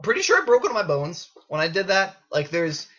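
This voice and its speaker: Animated sarcastic man telling a story. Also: high voice, fairly quick, lo-fi sound. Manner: animated and sarcastic, swears freely. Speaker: gaming video creator. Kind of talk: unscripted casual storytelling. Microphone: built-in camera mic.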